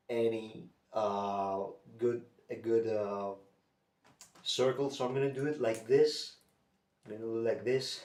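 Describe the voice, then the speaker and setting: Male tutorial host, unhurried and halting, explaining steps casually; roomy, echoey recording. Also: mid-range voice. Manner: halting, repeats himself while showing steps. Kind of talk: casual how-to demonstration. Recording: echoey room.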